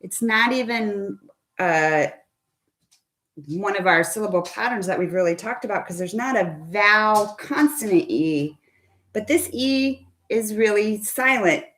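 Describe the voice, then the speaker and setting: A woman teaches children phonics over a video call, her pace unhurried and deliberate. She is patient and coaxing, often pausing to put questions to her students. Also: mid-range voice, fairly bright tone. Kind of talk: online phonics lesson for kids.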